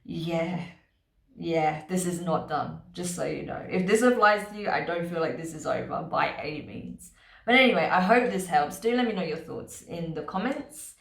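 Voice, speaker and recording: A woman chats through a tarot reading for her viewers, laughing often and tagging her points with "right?". Her voice sits fairly low with a gravelly edge. The room around her echoes. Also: animated, moderate pace, fairly bright tone. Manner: chatty, laughing often, many fillers and tags like "right?". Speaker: tarot reader.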